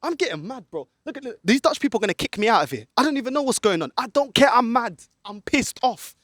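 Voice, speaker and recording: Extremely high and very animated, the man's fast, slightly bright voice is captured dry at studio quality. He's ranting angrily for a football fan vlog in an outdoor car park, a friend filming him on a handheld camera, with the odd slip into Portuguese.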